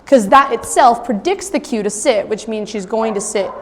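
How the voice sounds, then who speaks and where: A young adult woman dog trainer giving an instructional demonstration, explaining calmly with occasional high-pitched praise for a puppy. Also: normal speed. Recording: long reverb with faint ambient noise.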